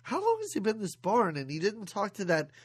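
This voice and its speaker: A woman's voice: medium pitch, wildly swooping pitch, brisk, husky, no room sound. A woman co-hosting a podcast who jokes and asks amused, incredulous questions about a movie. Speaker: podcast co-host. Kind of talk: casual chat about a movie.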